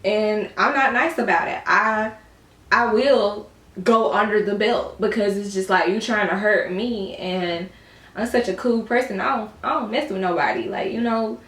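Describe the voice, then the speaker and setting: A woman's voice: medium pitch, normal speed, a bit bright. A woman vlogger chatting casually while doing her makeup, blunt and swearing freely, laughing often. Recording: echoey room.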